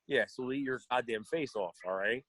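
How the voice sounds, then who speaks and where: A man co-hosting a casual podcast chat, blunt and profane, often bursting into loud laughter. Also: mid-range voice, moderate pace, no echo. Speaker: podcast co-host.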